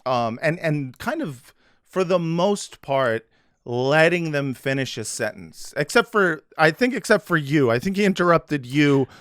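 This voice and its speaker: A man's voice: a little high, lively intonation, measured pace, fairly bright tone, no room sound. A man hosting a podcast, chatting loosely and jokingly with plenty of fillers on a close mic. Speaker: podcast host. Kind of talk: casual comedic chat.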